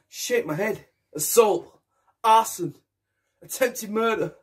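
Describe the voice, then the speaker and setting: A man's voice: sits high, normal speed, pauses often, darkish tone, husky. A young man performing a solo theatre monologue, raw and intense, switching between voices. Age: young adult. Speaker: actor.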